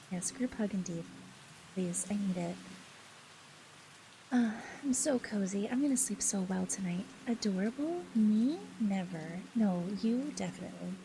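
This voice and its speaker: A woman streamer chatting casually with her viewers, reading their messages aloud in a soft, affectionate, giggly way. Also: mid-range voice, vocal fry, a little hiss or hum, poor audio.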